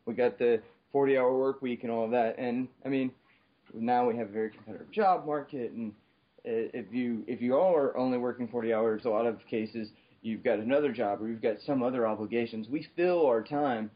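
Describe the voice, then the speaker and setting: Man, casual podcast chat, slightly breathy tone, dull lo-fi call audio. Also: medium pitch, fairly even intonation, brisk. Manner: laughs often, rambles with restarts. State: exercising on an elliptical.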